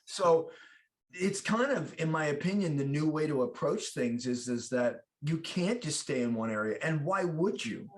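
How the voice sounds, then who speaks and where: A middle-aged American man being interviewed as an actor, chatting casually and telling animated stories with lots of restarts. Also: fairly high pitch, moderate pace. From United States. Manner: animated storyteller, acts out quoted voices, many restarts. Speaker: guest actor.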